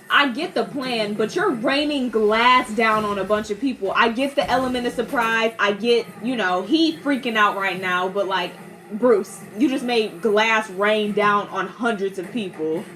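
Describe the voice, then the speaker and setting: A young woman giving a casual movie reaction, animated, laughing often and acting out characters in quick voices. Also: on the high side. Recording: steady background noise.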